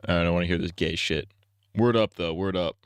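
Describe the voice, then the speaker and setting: A man's voice: deep voice, a little fast, smooth, no room sound. A man streaming live and reacting to videos in casual commentary, thinking aloud with restarts and plenty of profane slang.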